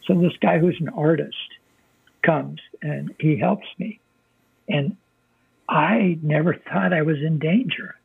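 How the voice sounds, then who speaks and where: A man's voice: on the high side, takes it slowly, gravelly, breathy edge, no echo. An older American man, a military veteran, telling his story as an interview guest in a plainspoken way, swearing freely. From United States. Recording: dry, phone-like narrow sound.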